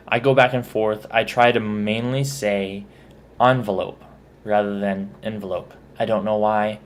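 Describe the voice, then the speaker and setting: Texan man, low voice, casual vlog talk, self-correcting, spells words aloud. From Texas. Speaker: vlogger. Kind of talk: casual accent tag video.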